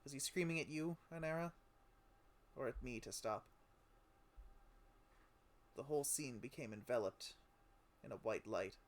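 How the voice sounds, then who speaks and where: A man streaming a game, reading a sad first-person story aloud with feeling and sudden loud cries. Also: medium pitch, unhurried, pauses often. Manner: emotive, with sudden loud outcries on names. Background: music.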